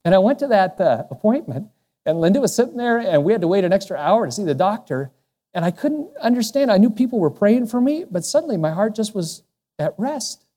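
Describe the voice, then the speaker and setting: A man preaching a sermon as a pastor, speaking in a personal, earnest way, with soft, lowered passages. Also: big pitch swings, a little fast. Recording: long hall reverb.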